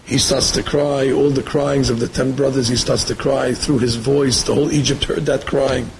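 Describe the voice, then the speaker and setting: A man teaching a Torah sermon, firing rhetorical questions and reading quotes quickly. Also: medium pitch, fairly even intonation, a little hiss or hum, poor audio. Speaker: rabbi giving a Torah class. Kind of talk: Torah sermon mixing English and Hebrew.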